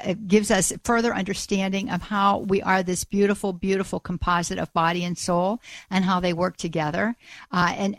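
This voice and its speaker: A woman hosting a call-in radio show, praying aloud for a listener in an earnest, halting way and often repeating her words. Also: mid-range voice, dry recording. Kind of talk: prayer and call-in radio talk.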